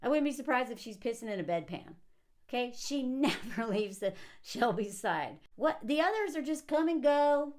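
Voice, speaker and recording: A woman with a fairly high voice rants through a casual film commentary. She is sarcastic and animated, often laughing mid-sentence and acting out the characters' lines. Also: moderate pace. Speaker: movie commentator.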